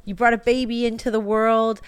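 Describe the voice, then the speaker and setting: A woman hosting a podcast in casual chat, laughing often and reacting quickly. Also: a little high, flat delivery, smooth. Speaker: podcast host.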